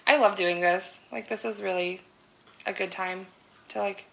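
A woman's voice: mid-range voice, steady tone, measured pace, creaky, rough recording. A woman in her thirties co-hosting a podcast, talking loosely with lots of fillers and swearing. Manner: loose, rambling, swears often, many fillers. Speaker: podcast co-host. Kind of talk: casual podcast chat.

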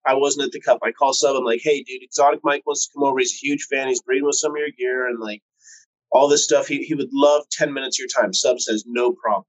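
A man's voice: medium pitch, fairly even intonation, fast talker, low-quality recording. A man who breeds cannabis, telling long stories in a laid-back, profane way, with lots of fillers, and acting out quoted voices. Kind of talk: casual storytelling chat.

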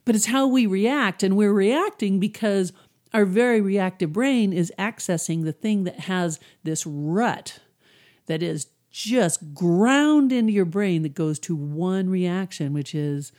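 A middle-aged woman hosting a podcast, explaining mind techniques in a relaxed, conversational way and briefly acting out people's inner voices. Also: medium pitch, slow. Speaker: podcast host, hypnosis coach. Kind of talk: casual teaching monologue.

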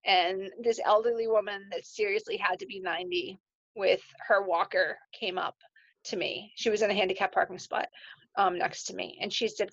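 A woman's voice: mid-range voice, steady tone, moderate pace, fairly bright tone, no room sound. A woman in casual chat, talkative with many fillers, laughing easily. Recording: dull lo-fi dry sound.

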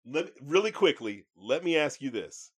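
A man's voice: fairly high pitch, very animated, normal speed, a bit bright, breathy edge. A man co-hosting a podcast in casual chat, laid-back and using slang. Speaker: podcast co-host.

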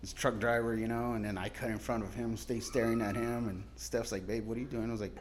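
A male guest pastor giving a sermon in a casual, storytelling way, laughing often and moving between loud cries and quiet asides. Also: mid-range voice, little pitch movement, fast, few pauses, a little hiss or hum.

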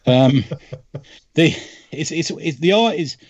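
On a podcast about comics, a male host with a voice on the high side and a slightly rough edge speaks slowly. He's an animated storyteller who laughs a lot and performs the lines he quotes, captured in a dry, muffled recording.

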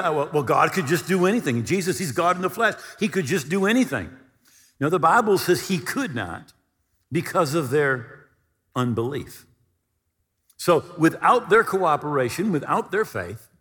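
A man's voice: a little high, fairly bright tone. A man preaching a sermon, retelling scripture and stories with acted-out quotes. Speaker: pastor. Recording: long hall reverb.

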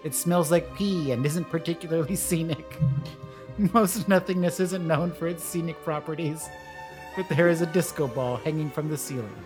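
A woman's voice: deep voice, normal speed, music in the background. A woman co-hosting a podcast, easygoing and laughing often as she chats and reads stage directions. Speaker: podcast co-host. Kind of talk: casual chat and reading stage directions.

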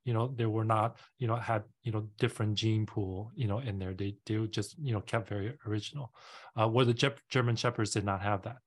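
A man's voice: lowish voice, fairly even intonation, a little fast. Man host explaining things at length. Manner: explains at length with many fillers. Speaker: podcast host. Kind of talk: casual interview chat.

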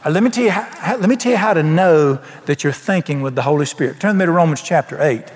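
A man preaching a folksy, colloquial sermon, his voice dropping soft at times. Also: a little high, quick pace. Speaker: pastor. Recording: long hall reverb.

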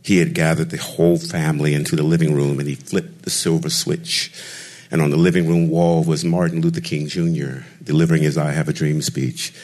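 Deep-voiced male storyteller. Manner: expressive, rhythmic, deliberate pauses. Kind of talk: storytelling performance.

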